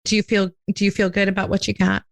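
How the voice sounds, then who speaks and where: A woman hosting a podcast in casual, playful chat, talking quickly with lots of "like". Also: medium pitch, level tone, vocal fry, no echo. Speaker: podcast host.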